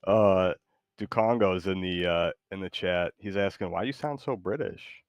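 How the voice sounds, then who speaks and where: A man's voice: sits low, moderate pace, dry recording, dull audio. A man streaming a game, talking in a laid-back, hesitant, joking way to his AI sidekick. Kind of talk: casual gaming stream chat.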